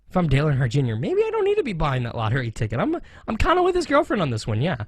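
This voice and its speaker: A man's voice: a little high, very fast, few pauses, no room sound. Opinionated American man, dry studio sound. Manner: animated, sarcastic, mocks others in jokey voices. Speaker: racing talk show host. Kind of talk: opinionated solo commentary.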